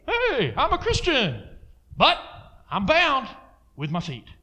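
A man's voice: very high-pitched, wildly swooping pitch, takes it slowly, sharp tone, pitched above the performer's own voice, heavily acted. A man preaching a sermon, mimicking a helpless man who complains that he is bound up. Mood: whiny.

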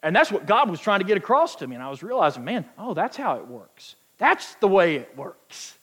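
A man preaching a sermon, emphatic and quoting scripture, stretching key words out slowly for weight. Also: sits high, sing-song, a bit bright, breathy edge. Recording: long hall reverb.

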